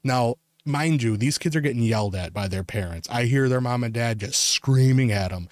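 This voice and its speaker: Young guy rambling through a story on his podcast, mid pitch, dry close sound. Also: normal speed, no echo. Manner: rambling, animated storytelling with filler words. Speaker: podcast host. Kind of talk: casual ranting chat.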